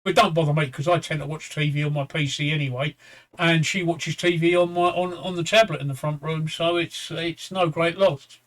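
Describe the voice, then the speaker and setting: Tired, rambling man, fairly high-pitched. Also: fairly even intonation. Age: 50s-60s. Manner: rambling, halting, with frequent restarts and swearing. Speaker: livestream co-host. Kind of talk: casual chat.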